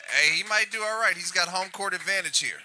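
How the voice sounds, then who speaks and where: A man with a high-pitched voice hosts a live comedy night, whipping up the crowd and firing off crude asides into a handheld stage mic. The recording is noisy, with clear background noise from the club. Each act gets a loud, eager introduction. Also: fairly quick. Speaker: comedy show host. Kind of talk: live stand-up show hosting.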